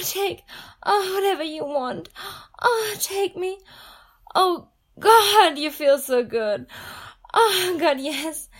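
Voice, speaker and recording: High voice, unhurried, woman voicing a breathy pleading princess, intimate audio role-play.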